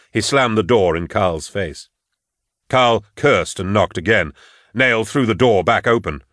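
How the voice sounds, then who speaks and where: A man narrating an audiobook in a measured, even storytelling manner on a close mic. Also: low voice, no echo. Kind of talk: audiobook reading.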